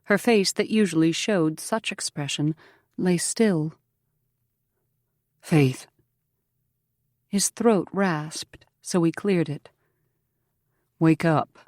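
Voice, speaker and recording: Low-voiced woman narrating an audiobook. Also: a little mellow, no echo, clean studio sound. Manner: measured, earnest storytelling. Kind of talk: scripted narration.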